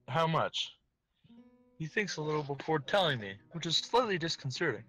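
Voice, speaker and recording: A man's voice: on the high side, big pitch swings, normal speed, bright, forceful tone, soft background music, rough recording. A man hosting a let's play, reading visual novel narration aloud in a casual, giggly way with joking asides.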